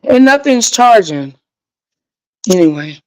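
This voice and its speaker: A woman's voice: medium pitch, sing-song, slow pace, low-quality recording. A woman hosting a casual livestream, talking straight to her viewers in a frustrated, rambling way. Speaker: livestream host.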